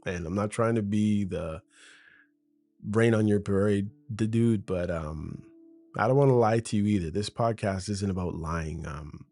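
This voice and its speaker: A man's voice: lowish voice, a little slow, mellow, faint music behind. A man hosting his own podcast, riffing off script in a casual, rambling monologue as if talking to a best friend, at a foam-shielded mic in a room by a window. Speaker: podcast host. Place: home room in front of a window. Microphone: studio mic with a foam shield.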